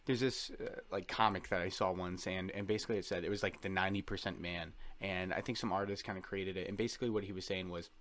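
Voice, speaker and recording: A man's voice: low voice, fast talker, few pauses, slight background noise. A man in his thirties telling rambling, joking stories as a guest in a casual podcast chat. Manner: rambling storyteller, lively and joking.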